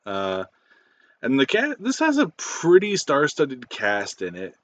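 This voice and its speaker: A man's voice: mid-range voice, wildly swooping pitch, takes it slowly, fairly bright tone, lo-fi sound. A man giving a casual spoken movie review, rambling with many fillers, restarts and casual swearing.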